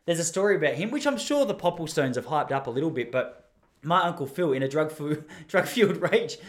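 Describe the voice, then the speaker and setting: An Australian man in his thirties telling rambling, animated anecdotes in casual chat. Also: on the high side, fairly quick. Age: 30s. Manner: rambling, animated, laughs while telling stories.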